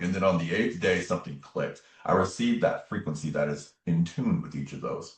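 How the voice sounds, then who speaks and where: Interview guest: very low-voiced man, earnest storyteller, recorded in an echoey room away from the mic. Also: animated, moderate pace, hardly any pauses. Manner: earnest, repetitive, emphatic phrasing. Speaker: guest, tarot reader and spiritual medium. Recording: roomy echo, distant from the mic.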